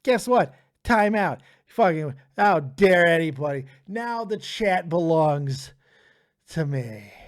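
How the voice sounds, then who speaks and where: A man's voice: on the high side, expressive, takes it slowly. A young man hosting a live stream, tired and ranting profanely at his chat while taking callers.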